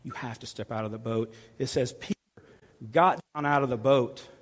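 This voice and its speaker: A man preaching a sermon with earnest, repeated appeals, often dropping to soft, hushed tones. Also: mid-range voice, moderate pace. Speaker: pastor. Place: large church hall. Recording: reverberant church hall.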